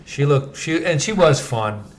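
A man, co-hosting a podcast and telling stories in a loud, animated, profane way, acting out what people said. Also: a little high, measured pace, a little hiss or hum. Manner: animated, profane, acts out quotes loudly. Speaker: podcast co-host. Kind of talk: casual storytelling chat.

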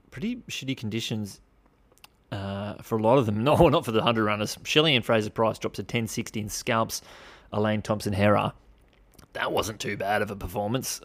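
A young man talks through the latest results in a casual podcast, his voice sitting fairly low. He is chatty and wry and swears casually. Every so often he breaks into animated bursts. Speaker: podcast host. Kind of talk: casual sports commentary podcast.

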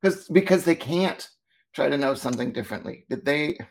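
A man, a former teacher co-hosting a talk show, telling stories in a lively, casual way and acting out what people said. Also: fairly high pitch, a little fast. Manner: animated, acts out quoted dialogue. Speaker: podcast co-host, former teacher. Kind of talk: casual storytelling chat.

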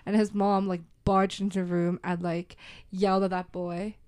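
A woman's voice: medium pitch, level tone, moderate pace, a little mellow, clear, resonant tone. A young woman chatting casually, thoughtful and reflective, with lots of filler words. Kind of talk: casual chat.

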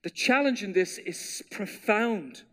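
A man preaching a sermon as pastor, animated and storytelling, acting out quotes with playful voices. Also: high voice, slow.

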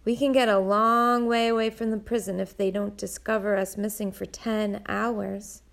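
Anxious young girl, determined, urgent, earnest, gravelly, woman reading, audiobook. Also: mid-range voice, level tone, moderate pace, natural voice. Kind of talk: audiobook narration.

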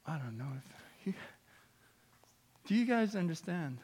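Man, pastor, very high voice, sermon, loud bursts, hushed stretches, from canada. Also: sing-song, unhurried, big-room sound, a little hiss or hum. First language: not English. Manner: swings between loud exclamations and hushed storytelling. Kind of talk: sermon with personal testimony.

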